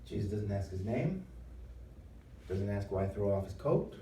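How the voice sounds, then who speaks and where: A former pastor gives a lively, conversational preaching talk, leaning into emphatic lines and playful acted-out voices. His fairly low voice is dark and mellow at normal speed, set back from the mic in a roomy live venue with faint ambient hum.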